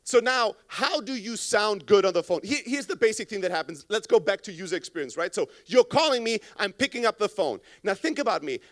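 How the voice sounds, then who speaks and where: Man in his 30s, conference keynote, fairly high voice, punchy and profane, acts out phone calls for laughs. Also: brisk, few pauses. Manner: blunt, profane, animated, acts out callers. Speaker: conference speaker. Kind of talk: energetic stage talk. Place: conference stage. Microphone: stage microphone.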